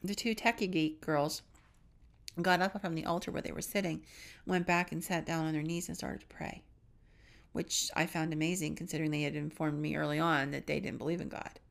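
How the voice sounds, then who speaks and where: A middle-aged woman co-hosting a podcast, telling a personal story in an earnest manner that sometimes drops to a hush. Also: sits low, fairly even intonation, brisk, vocal fry. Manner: earnest, hushed drops into whispers at tense moments. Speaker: podcast co-host.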